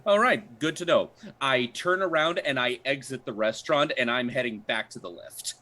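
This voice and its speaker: A man playing a character in a tabletop game, declaring his actions in a lively, casual way. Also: medium pitch. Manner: lively, animated, quick declarations. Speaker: player.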